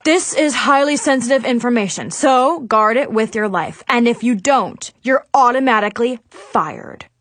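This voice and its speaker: A woman voicing a high-strung, moody male teacher who yells and grumbles in a fussy way. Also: animated, unhurried, no room sound. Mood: fussy stern.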